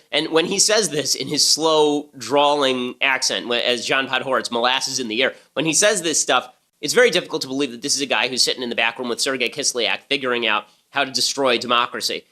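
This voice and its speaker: A man talking at a rapid clip with a bright, sharp tone, like a host firing off opinions on his podcast. His delivery is punchy and sarcastic. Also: mid-range voice. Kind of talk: political commentary.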